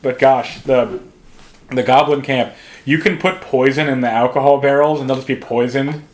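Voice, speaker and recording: A man's voice: mid-range voice, steady tone, moderate pace. Rambling man telling game stories. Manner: rambling storyteller with fillers and restarts. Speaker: podcast co-host. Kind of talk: casual chat.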